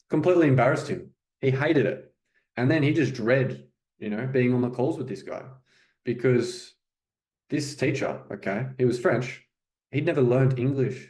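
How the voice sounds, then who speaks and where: A man's voice: medium pitch, a little mellow, echoey room. A man who works as a French coach, talking casually to viewers about how to learn the language and often dropping in "okay" and "you know". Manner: conversational, frequent fillers like "okay" and "you know".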